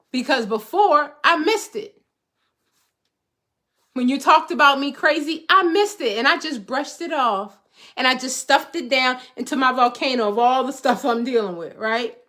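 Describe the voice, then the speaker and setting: Middle-aged woman, motivational host, high bright voice, emphatic and preachy. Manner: emphatic, preachy, repeats phrases for rhythm. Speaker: host, life coach. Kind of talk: motivational talk to viewers.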